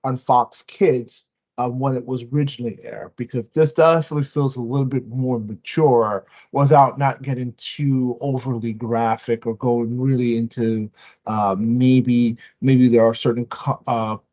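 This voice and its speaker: Excitable rambling male podcast co-host. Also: mid-range voice, unhurried, muffled recording. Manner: rambling, excited, many restarts. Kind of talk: casual review chat.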